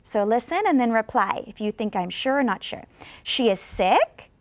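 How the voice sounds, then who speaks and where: A woman teaching an English lesson in a scripted classroom style, encouraging viewers to answer and modeling sentences slowly for them to repeat. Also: a little high, lively intonation, a little mellow, dry recording. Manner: slow, carefully drawn-out model sentences for repetition; encouraging, coaxes replies from viewers. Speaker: ESL teacher. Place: studio.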